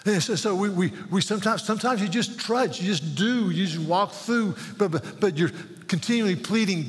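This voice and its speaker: A man's voice: high voice, animated, normal speed. A man preaching a sermon as pastor, earnest and pleading, often repeating words as he builds. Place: church sanctuary. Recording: long hall reverb.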